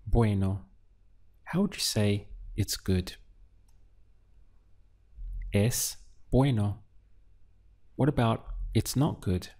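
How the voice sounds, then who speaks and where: A man's voice: lowish voice, extremely slow, long pauses, dark tone. A man teaching a beginner language lesson, patiently prompting the learner and then giving each answer. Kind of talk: slow instructional lesson.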